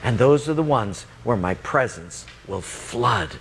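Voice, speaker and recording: A man giving voice to God, low and solemn. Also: animated, measured pace, slight background noise. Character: God speaking to a man, calm and grave. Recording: long reverb, faint ambience.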